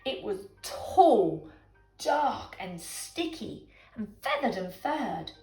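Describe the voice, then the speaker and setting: A woman reading a bedtime story aloud in a dramatic, animated way, dropping into whispers, in an echoey room with faint music. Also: on the high side.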